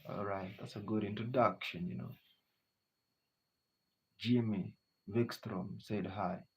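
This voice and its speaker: A man's voice: lowish voice, fairly even intonation, takes it slowly, a little hiss or hum. A man hosting a casual livestream, reading out viewer comments and greeting them by name, dropping "you know" often. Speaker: livestream host. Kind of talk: casual live-stream chat with viewers. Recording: dull lo-fi stream audio.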